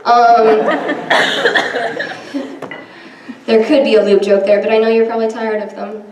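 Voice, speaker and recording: Her voice leans high and stays steady, and she speaks slowly as crowd noise surrounds her. This young stand-up comedian performs a chatty, um-filled, self-deprecating set before a live audience in a large hall. The echoey recording is captured from a distance, with laughter and room noise behind her.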